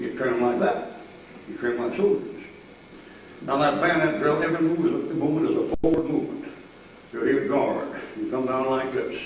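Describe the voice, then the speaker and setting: An older man preaches in a folksy, animated manner, breaking into shouts and chuckles as he tells his stories. His voice sits at an ordinary middle pitch. It is recorded from a distance in a very echoey church, and the sound is dull and lo-fi. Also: a little hiss or hum. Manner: folksy, animated, shouts and laughs mid-story. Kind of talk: sermon with army stories. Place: church sanctuary.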